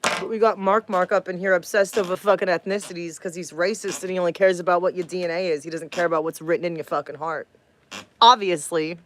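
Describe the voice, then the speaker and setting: A woman's voice: on the low side, steady tone, quick pace. A woman in her thirties talking bluntly to her live stream chat, combative and swearing heavily. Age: 30s.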